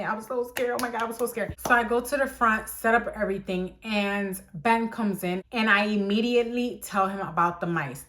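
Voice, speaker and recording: A young woman telling a casual storytime, animated and exclamatory, acting out the dialogue as she goes. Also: mid-range voice, brisk. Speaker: vlogger.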